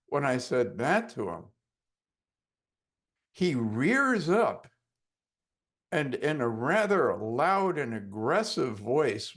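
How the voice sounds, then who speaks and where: A man who teaches hypnosis tells a story in a course lesson, in a casual, profane and animated way. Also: medium pitch. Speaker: hypnosis instructor.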